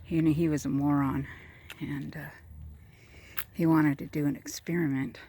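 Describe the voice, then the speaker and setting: A woman's voice: deep voice, level tone, measured pace, dark tone, a little hiss or hum. A woman telling long, meandering jokes, with fillers and chuckles along the way. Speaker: joke teller. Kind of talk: rambling joke telling.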